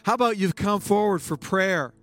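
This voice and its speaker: A male pastor preaching a sermon, swinging between hushed lines and emphatic bursts. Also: high-pitched, moderate pace, faint music behind.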